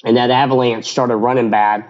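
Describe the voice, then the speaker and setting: A man's voice: medium pitch, flat delivery, moderate pace, muffled recording. A man, a business owner, telling stories in a casual radio interview, rambling with many restarts and acting out quotes.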